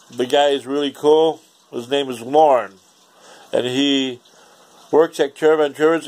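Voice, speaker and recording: A man's voice: mid-range voice, darkish tone. A man, ranting casually and profanely in a rambling home vlog. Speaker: vlogger.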